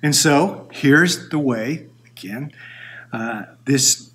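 Slow, repetitive male preacher. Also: mid-range voice, fairly bright tone. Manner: slow, repeats key words for emphasis. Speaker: pastor. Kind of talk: sermon.

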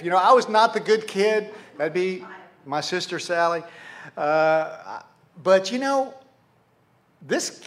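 Animated, high-voiced preacher. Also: male voice. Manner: animated, rhetorical questions, addresses congregation directly. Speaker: pastor. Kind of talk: sermon.

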